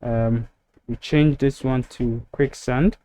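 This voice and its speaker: A man's voice: medium pitch, steady tone, slow, dark tone, clear, resonant tone. A man walking through a website-building tutorial step by step, narrating over a screen recording with frequent ums. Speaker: web design tutor.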